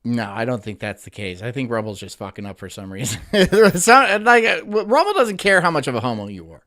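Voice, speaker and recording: A man's voice: medium pitch, sing-song, brisk, pushed and bright. A man hosting a live stream, giving crude, mocking reaction commentary and laughing at chat. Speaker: streamer host.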